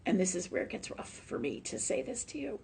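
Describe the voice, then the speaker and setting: A woman's voice: medium pitch, sing-song, a little fast, creaky, a little hiss or hum. Chatty woman medium with many fillers. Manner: warm, chatty, laughs often, many fillers. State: tearful at times. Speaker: psychic medium host. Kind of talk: live stream reading.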